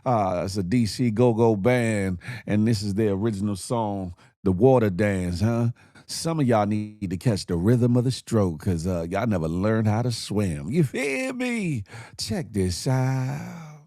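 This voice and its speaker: A man hosting a casual morning show, animated and joking, laughing often as he comments. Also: fairly low pitch, moderate pace, no room sound, studio quality.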